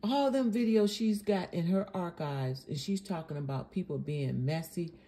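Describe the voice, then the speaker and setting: A woman's voice: on the low side, moderate pace, mellow. A woman hosting a reaction channel, commenting sarcastically and indignantly on a preacher's clip.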